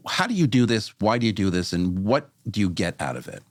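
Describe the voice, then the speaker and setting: A man hosting a casual interview, earnest and quick to retell what others told him. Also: fairly low pitch, no room sound, studio quality. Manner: earnest, quotes others in lively voices. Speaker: podcast host.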